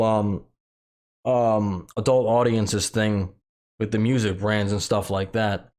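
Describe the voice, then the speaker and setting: A man with a slight lisp hosting his own channel, giving heated, repetitive commentary full of fillers and restarts. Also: medium pitch. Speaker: channel host commenting on news. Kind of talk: casual ranting commentary.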